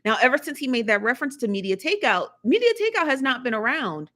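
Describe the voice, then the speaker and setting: A woman's voice: high voice, big pitch swings, fast, bright, forceful tone. A woman hosting a live stream, chatting casually about news and gossip, often repeating herself and laughing. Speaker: live show host.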